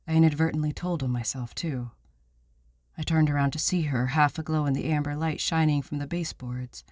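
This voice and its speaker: A man reading a novel aloud in the first person, measured and somber, recorded on a close studio mic. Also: fairly high pitch, darkish tone, dry recording. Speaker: audiobook narrator. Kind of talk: scripted first-person narration.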